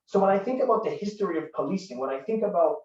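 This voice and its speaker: A man's voice: sits high, lively intonation, racing. A man in his thirties from Canada, giving an earnest, conversational talk built on personal stories. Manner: earnest, conversational, grows forceful. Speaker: guest speaker. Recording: distant roomy lo-fi recording.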